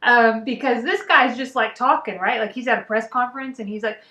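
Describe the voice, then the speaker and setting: Co-host, woman, high and bright, giggly, chatty, echoey room. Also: fairly quick. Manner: giggly, chatty, thinking aloud. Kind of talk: casual reaction chat.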